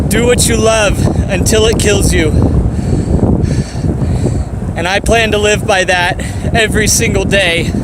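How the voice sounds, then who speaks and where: A man narrating his bicycle tour in a casual, excitable vlog, talking to the camera outdoors on a mountain route. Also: sits high, very noisy. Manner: excitable, chatty storyteller. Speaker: bicycle touring vlogger.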